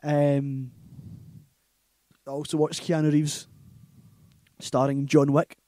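A Scottish man chatting about films on a casual podcast, his voice a little higher than most men's and mellow rather than bright. He rambles and keeps checking in with "right?". The sound is dry and close. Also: flat delivery, takes it slowly, no echo. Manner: rambling, laughing retelling full of "like" and "right?". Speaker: podcast co-host. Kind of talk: casual movie chat.

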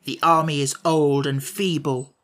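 A man's voice: on the high side, flat delivery, unhurried, fairly bright tone. A man reading an audiobook, voicing a bold and scornful young female rebel general.

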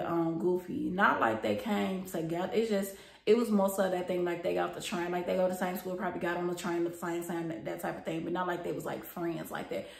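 Chatty young woman with vocal fry. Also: lowish voice. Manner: chatty and profane, addresses viewers as y'all. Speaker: vlogger telling a story. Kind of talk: casual storytime chat. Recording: roomy echo.

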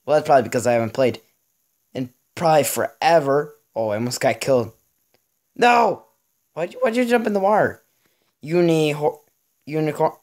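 A teenage boy talks through his game in a loose, casual way. He jokes at his own expense and fills the gaps with little hummed sound effects and running remarks on every move. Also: fairly high pitch. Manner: chatty, jokey, narrates each move with little sound effects. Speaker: gaming channel host. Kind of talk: casual gameplay commentary.

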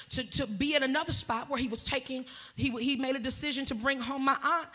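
A woman's voice: high-pitched, pushed and bright. A woman pastor, preaching an impassioned sermon in a church and calling out to the congregation. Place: church sanctuary.

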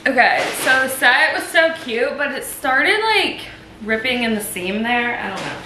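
A woman's voice: fairly high pitch, lively intonation, normal speed. Bubbly young woman vlogging. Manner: bubbly and gushing, full of "like" and "um". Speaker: lifestyle vlogger. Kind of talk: casual vlog chat. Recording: noisy vlog recording.

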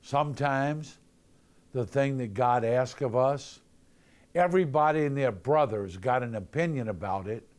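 A man's voice: mid-range voice, a little slow, a little mellow. A man giving a sermon, talking conversationally and telling jokey stories. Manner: conversational, jokey storytelling with acted-out voices. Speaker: preacher.

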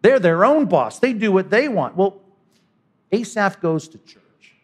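A man's voice: high-pitched, very animated, measured pace, breathy edge. Dynamic man preaching. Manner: dynamic preaching, voices imagined speakers, sudden drops to quiet. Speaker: pastor. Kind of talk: sermon.

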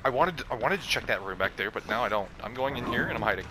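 A young man hosting a horror game playthrough, chatting casually and yelping and shouting when startled. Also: mid-range voice, expressive, fast, background noise. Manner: jumpy, yelps and shouts when scared. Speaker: gaming video host. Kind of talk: let's play commentary. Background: game music.

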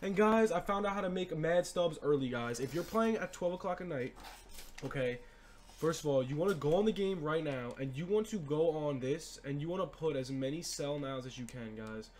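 A man's voice: a little high, expressive, normal speed. Hyped young man, gaming vlog. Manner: hyped, repetitive, slangy. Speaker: gaming YouTuber. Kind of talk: excited gameplay commentary.

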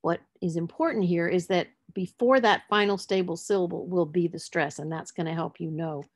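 Woman literacy instructor, lower voice, patient explanatory lecture delivery. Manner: explanatory, spells out letters, stresses words for emphasis. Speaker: literacy teacher. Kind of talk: presenting a lecture on word structure.

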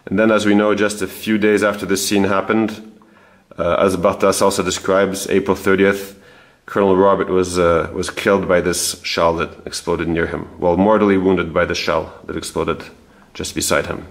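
A man's voice: sits low, moderate pace. A man hosting a history video, explaining his research in a casual, thinking-aloud way with frequent restarts. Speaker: history channel host. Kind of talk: casual spoken history presentation.

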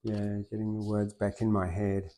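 An Australian man hosting a poetry open mic, who chats loosely with many fillers and then reads rhyming verse loudly and rhythmically. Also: lowish voice, level tone, moderate pace. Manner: loose and rambling, with many fillers, swinging into loud rhythmic recitation. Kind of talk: reciting rhyming poetry and rambling chat.

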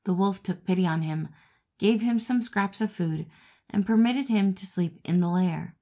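A woman narrating a classic fable as an audiobook reader, in a steady, expressive reading voice. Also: medium pitch, normal speed. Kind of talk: storybook narration.

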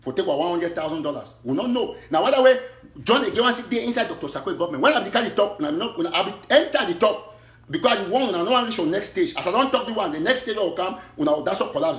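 An impassioned man with a Cameroonian Pidgin English accent rants in a high, strained register. He slides between pidgin and English, firing off bursts of argument. His voice bounces around an echoey room. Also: expressive, quick pace, a bit bright. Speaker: online activist commentator. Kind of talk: fiery livestream monologue.

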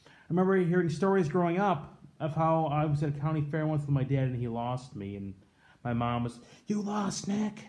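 Earnest mellow-voiced male pastor. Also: fairly high pitch, a little fast. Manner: earnest, reflective storytelling that drops soft and quiet on tender points. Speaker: pastor giving a daily devotion. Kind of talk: scripture reading and devotional sermon.

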